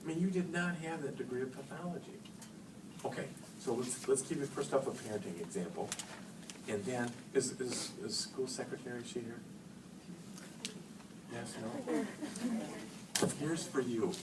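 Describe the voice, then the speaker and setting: A man in his fifties giving a lively, joking talk to an audience of educators, acting out phone calls as he tells stories. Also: medium pitch, normal speed, pauses often. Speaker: speaker at an education workshop. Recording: roomy hall, speaker far from mic, noisy.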